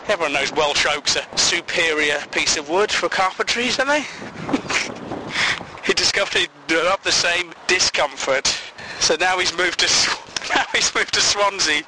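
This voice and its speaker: A man's voice: on the high side, normal speed, noisy background. Sweary Englishman riffing comic rants. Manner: sweary, mocking, laughs at own jokes. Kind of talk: rambling comic monologue.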